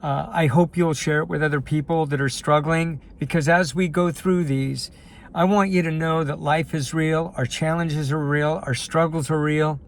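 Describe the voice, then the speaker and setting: A man's voice: fairly high pitch, fairly even intonation, normal speed. A middle-aged man from the United States, a life coach and filmmaker, candidly and emotionally telling his life story in a personal video. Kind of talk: personal video talk to camera.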